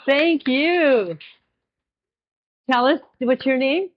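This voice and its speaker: High, slow-talking woman leading a group. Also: lively intonation, muffled recording. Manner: gentle, encouraging, playful. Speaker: workshop facilitator. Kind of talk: guided group session.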